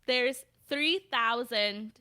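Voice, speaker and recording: A woman's voice: on the high side, very slow. A woman co-hosting a podcast, chatting casually and telling stories with animation. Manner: animated storyteller, reads headlines aloud. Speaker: podcast co-host. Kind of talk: casual chat.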